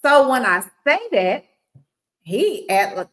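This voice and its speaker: Sassy woman storyteller, lively pitch swings, blunt, acts out dialogue. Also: slow pace, rough recording. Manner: animated, acts out both sides of conversations. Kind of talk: casual storytelling chat.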